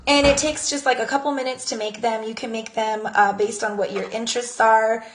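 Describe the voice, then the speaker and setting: A woman in her thirties speaks a little fast in a level tone, offering casual social media tips for her jewelry business to camera. Chatty, she dramatizes little conversations in a high, bright voice, with echo in the room.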